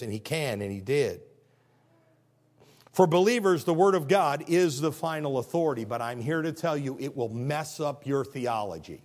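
Pastor, middle-aged man, lively call-and-response sermon, high voice. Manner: animated, call-and-response preaching.

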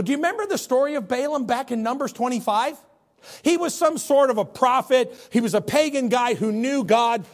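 A man preaching a sermon as a pastor, telling stories with comic character voices. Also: sits high.

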